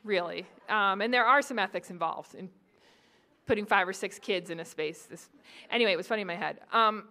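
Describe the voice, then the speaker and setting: A woman in her forties from New England, a psychology professor lecturing at a conference with lively, joking asides to the audience. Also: medium pitch, brisk. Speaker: psychology professor giving a talk.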